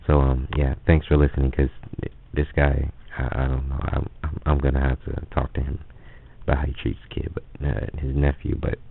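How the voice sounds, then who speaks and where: A man's voice: very deep voice, monotone, fairly quick, vocal fry, a little hiss or hum. A man casually telling a story in a rambling, hesitant way, with lots of restarts. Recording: phone-like lo-fi audio.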